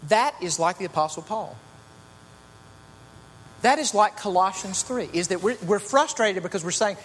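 Male pastor, conversational storyteller, somewhat high voice, long reverb, faint hum. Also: animated, moderate pace, long pauses, fairly bright tone. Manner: conversational storytelling, chatty asides. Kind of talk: sermon.

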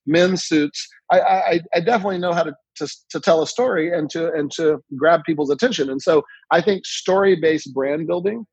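Storytelling businessman guest, husky voice. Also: a little high, dry recording, dull audio. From Louisiana. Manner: storytelling, repeats words when starting thoughts. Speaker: podcast guest, entrepreneur. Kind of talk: conversational interview.

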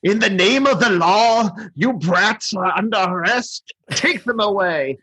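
A man's voice: sits high, expressive, measured pace, breathy edge, pitched above the performer's own voice, full character voice. A man voicing a pompous, furious male cartoon villain who rules a town, playing him over the top. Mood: blustering. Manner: over-the-top shouting tyrant.

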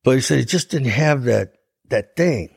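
An older man from Ohio, a songwriter guest, telling an animated anecdote in an interview and acting out the voices in it. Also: medium pitch, moderate pace, vocal fry, slightly rough, no echo, clean studio sound. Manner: animated anecdote telling, acts out quoted voices, laughs often. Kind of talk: storytelling interview.

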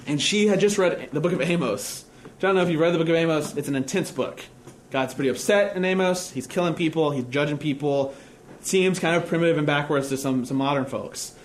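An earnest man preaching with a fairly high voice, talking his listeners through ideas in a conversational way and often restarting mid-phrase. His voice rings in a roomy, echoey space. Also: slight background noise. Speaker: pastor. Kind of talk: sermon. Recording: echoey room.

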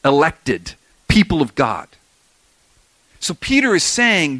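Man preaching, emphatic, lively pitch, bright tone, dry close sound. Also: slow, pauses often, no echo. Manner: emphatic, rhetorical questions to the audience. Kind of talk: expository sermon.

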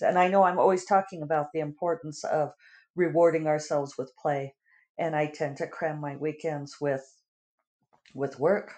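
A woman's voice: sits low, steady tone, moderate pace, darkish tone. A woman writer chatting casually through her weekly video update, rambling with lots of fillers and little laughs. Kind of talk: casual chat.

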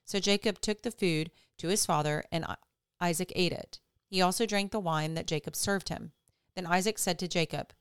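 A woman's voice: on the low side, normal speed, clean tone, dry recording, studio quality. Woman steadily reading scripture aloud. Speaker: podcast host.

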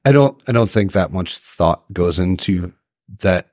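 Deep voiced podcast guy, measured, explains stuff, dry mic. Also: lively intonation, a little mellow, no echo. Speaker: podcast co-host. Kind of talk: casual chat.

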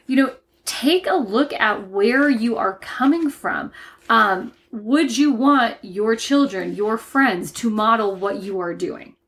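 A woman co-hosts a casual faith podcast. Her voice sits a little high. She speaks calmly and reflectively, encouraging the listener. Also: slow. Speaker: podcast co-host.

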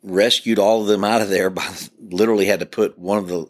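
A man's voice: lowish voice, fairly even intonation, brisk. A man who is a pastor, talking earnestly on a podcast about church leadership, restarting his sentences often. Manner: earnest, preacherly, frequent restarts. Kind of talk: podcast discussion.

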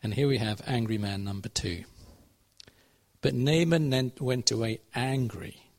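A man's voice: medium pitch, measured pace, a little mellow. A man preaching a conversational sermon, telling a Bible story and checking in with his listeners. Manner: conversational, asks the audience questions.

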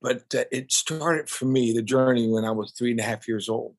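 An older man, a guest on a podcast, telling stories about his family business in a warm, reflective way. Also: medium pitch, moderate pace. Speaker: guest, family restaurant owner. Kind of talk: casual interview storytelling.

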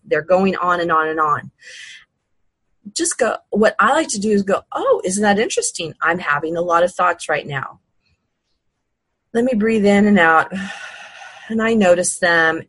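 A woman hosting a podcast, giving casual, unhurried advice with frequent fillers and restarts. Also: fairly low pitch, a bit bright, breathy edge, no room sound, low-quality recording. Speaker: podcast host.

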